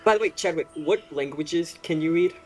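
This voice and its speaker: A man's voice: on the high side, moderate pace, darkish tone, soft background music. A man playing a tabletop game, chatting casually with loose phrasing.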